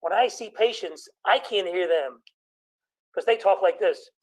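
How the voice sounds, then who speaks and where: Middle-aged man, stand-up comic bit, deadpan punchlines, slips into quick character voices. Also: high-pitched, low-quality recording. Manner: deadpan joke delivery with put-on patient voices. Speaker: comedian doctor. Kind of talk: stand-up comedy routine.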